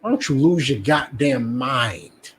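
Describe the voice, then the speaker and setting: A man's voice: mid-range voice, expressive, unhurried, slight background noise. A man with a New Jersey accent preaching a fiery street sermon, swearing and acting out the voices he quotes.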